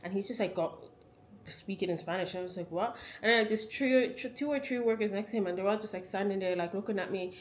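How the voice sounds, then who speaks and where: Fast-talking young Irish woman vlogger. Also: mid-range voice. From Ireland. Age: 20s. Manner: chatty and rambling, full of "like" fillers. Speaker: travel vlogger. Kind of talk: casual storytelling to camera.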